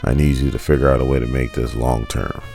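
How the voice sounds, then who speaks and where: Give me a demanding crime boss, dark and low, as a man puts him on. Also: steady tone, fast talker, vocal fry, soft background music.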